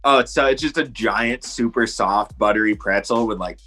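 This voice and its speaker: A man's voice: on the low side, normal speed, pushed and bright, faint music behind. An American man chatting casually as a guest, enthusiastic and casually swearing. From United States. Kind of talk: casual chat.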